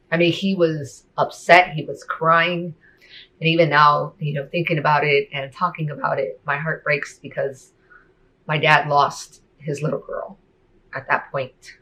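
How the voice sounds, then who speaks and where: A woman telling her personal testimony in a soft, hesitant way, with many fillers. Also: deep voice, rough recording.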